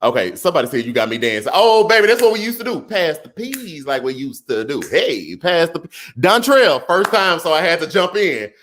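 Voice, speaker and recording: A man's voice: on the high side, big pitch swings, a little fast, fairly bright tone. A man hosting a casual livestream, thanking viewers and joking in a playful, church-flavored way. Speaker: livestream host. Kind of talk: casual livestream chat reading comments.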